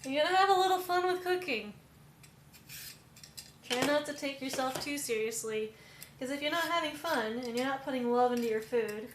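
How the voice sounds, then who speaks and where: A woman's voice: fairly high pitch, background noise. A woman streaming live while cooking at home, chatting in a rambling, jokey, self-deprecating way. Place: home kitchen. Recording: echoey kitchen with clattering dishes.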